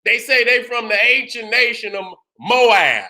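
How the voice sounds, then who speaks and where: A man with a strikingly high, piercingly bright voice holds forth in a fiery commentary monologue. He is emphatic and profane, often breaking into shouts. He keeps checking in with his listeners, asking whether they understand what he's saying. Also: expressive, unhurried. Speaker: channel host.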